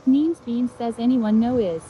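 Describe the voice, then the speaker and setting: A synthetic woman's voice reading viewer chat messages aloud in a flat, even manner. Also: on the high side, normal speed, slight background noise. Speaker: text-to-speech chat reader.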